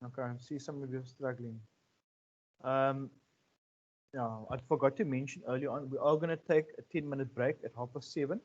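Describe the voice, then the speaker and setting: A man giving a relaxed economics lecture, often checking in with his students. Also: mid-range voice, a little fast. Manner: conversational, checks in with 'right?' and 'okay?'. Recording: muffled lo-fi audio.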